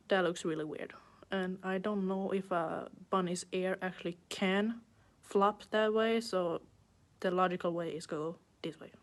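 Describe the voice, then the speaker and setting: A woman nail artist talks through a live nail art class in an unhurried, relaxed way. She chats casually and thinks aloud as she paints, adding playful little sound effects. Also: medium pitch.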